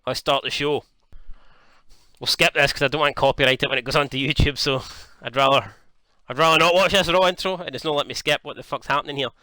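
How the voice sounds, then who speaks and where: A young man from Scotland giving casual, jokey commentary on a wrestling video game, swearing freely and getting excited. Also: mid-range voice, fast talker, no room sound. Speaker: gaming YouTuber.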